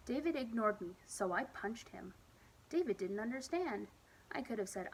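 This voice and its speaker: A woman reading a children's picture book aloud at storytime, with expressive, lively emphasis. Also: mid-range voice, moderate pace, slight background noise, poor audio. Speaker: storytime reader.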